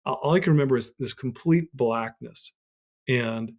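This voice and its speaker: A man's voice: medium pitch, moderate pace. A man who is a podcast guest, telling a personal story in an earnest, reflective way, his voice leaping up when he relives moments.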